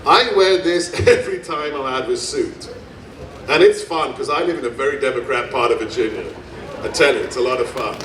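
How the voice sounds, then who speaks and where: At a gun rights festival, a man with a mid-range, slightly bright voice delivers a rally speech a little fast. He tells stories emphatically and repeats phrases for effect. The outdoor stage audio is echoey with distant PA sound and a little hiss or hum.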